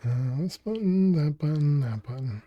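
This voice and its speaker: With lively intonation and a moderate pace, a medium-pitched streamer thinks aloud about a build mid-stream, muttering and restarting sentences. Recorded on a desk mic in a home room, the audio has no room sound and the highs are cut off.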